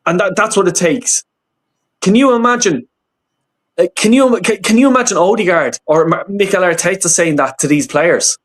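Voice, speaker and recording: A man's voice: sits high, moderate pace. A man hosting a casual football reaction live stream, blunt and swearing freely. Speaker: streamer host.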